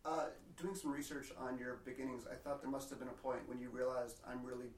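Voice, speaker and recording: A woman's voice: extremely low pitch, steady tone, fairly quick, a little mellow, a little hiss or hum. A woman interviewing a guest in casual chat, encouraging her with short replies. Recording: roomy and distant from the mic.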